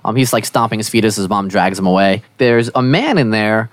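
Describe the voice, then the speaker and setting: A man's voice: fairly low pitch, animated, fairly quick, few pauses, dry recording. A young man narrating as game master of a tabletop game, rambling casually with lots of "like" and small restarts. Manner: rambling, many likes and restarts.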